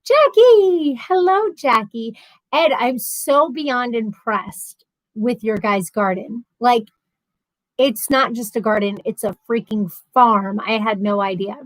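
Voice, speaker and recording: A woman's voice: a little high, slow pace, dry recording, poor audio. A woman, hosting a casual livestream, chatting and reading out viewer comments, laughing easily. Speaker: livestream host.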